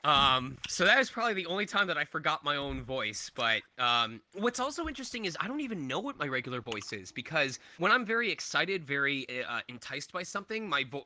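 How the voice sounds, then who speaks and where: A man's voice: medium pitch, bright, forceful tone. A man in his thirties, a voice actor, answering fan questions at a convention in a chatty way, laughing often. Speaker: voice actor guest.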